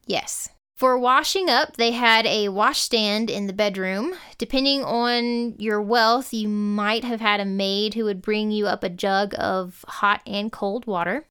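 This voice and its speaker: A woman's voice: medium pitch, fairly even intonation, unhurried, few pauses, fairly bright tone, clean tone. A woman co-hosting a casual history podcast, reading out prepared facts and then cracking dry jokes. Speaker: podcast co-host.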